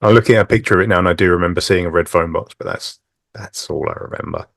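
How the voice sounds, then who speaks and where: Very deep-voiced wry man. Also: quick pace, vocal fry, no echo, clean studio sound. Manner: relaxed, wry, swears casually. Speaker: podcast co-host. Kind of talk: casual chat.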